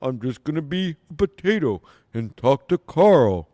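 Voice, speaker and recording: A man voicing a dull, witless male potato puppet in a flat, mocking parody. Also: on the high side, a little slow, no echo, studio quality, big-room sound.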